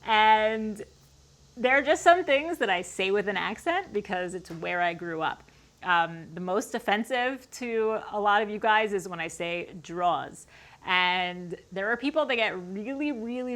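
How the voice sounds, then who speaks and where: A woman with a Long Island accent, chatting casually to camera as host of her woodworking channel, quick to laugh and full of "like" fillers. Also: mid-range voice, animated, fairly bright tone. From Long Island, New York. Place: detached garage workshop.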